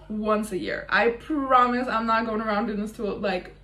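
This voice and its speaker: A woman's voice: a little high, moderate pace, bright, forceful tone. A young woman vlogging in a casual, confessional way, chatty and self-mocking, swearing freely. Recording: echoey room with faint ambient noise.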